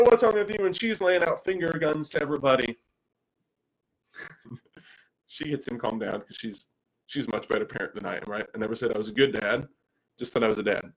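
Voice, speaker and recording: A man, telling personal stories as a father in an animated way, with frequent restarts. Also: mid-range voice, rough recording. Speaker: speaker and father. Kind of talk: personal storytelling talk.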